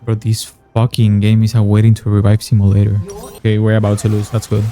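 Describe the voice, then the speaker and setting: Young male gaming YouTuber, cursing and sarcastic, fairly low dark voice, game music behind. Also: completely flat delivery, fairly quick. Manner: frustrated, swearing, sarcastic. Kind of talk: gameplay commentary.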